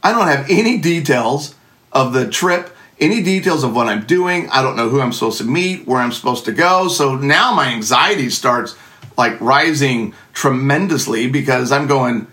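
A man's voice: mid-range voice, expressive, normal speed, sharp tone. A middle-aged man telling a funny personal story in a casual, sarcastic, self-mocking way.

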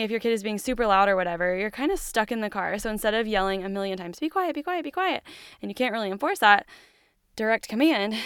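A woman in her thirties hosting a solo parenting podcast, talking in an earnest, gentle, reassuring way and acting out quick lines she says to her kids. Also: medium pitch, clear, resonant tone, no room sound, studio quality. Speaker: podcast host.

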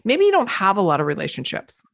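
A middle-aged woman hosting a casual solo podcast as a coach, chatty and direct with quick asides. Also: mid-range voice, huge pitch swings, gravelly, fairly bright tone. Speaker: podcast host and business coach.

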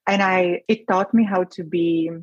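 A woman's voice: lowish voice, steady tone, measured pace, dry recording, lo-fi sound. A woman physician, a podcast guest, talking earnestly and with emotion, often restarting her sentences. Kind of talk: podcast interview.

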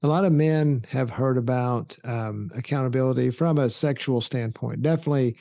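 A man hosting an interview, asking halting questions full of fillers. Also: mid-range voice, creaky, dark tone. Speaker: podcast host.

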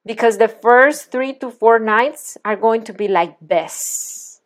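A woman parenting coach leading a one-on-one session in a gentle, guiding, reassuring manner. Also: a little high, takes it slowly.

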